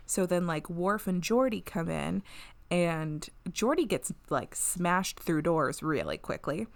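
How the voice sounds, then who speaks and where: A woman's voice: on the low side, expressive, takes it slowly, vocal fry. Chatty, laughing podcast host woman. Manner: chatty, laughs often, many fillers. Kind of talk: casual episode recap.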